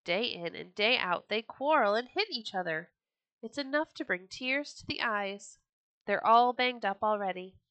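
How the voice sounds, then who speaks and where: A woman's voice: on the high side, lively intonation, moderate pace, a bit bright, dry recording. A woman doing mournful traveling puppeteer, complaining, storybook reading. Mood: sad. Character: gloomy traveling puppet-show man.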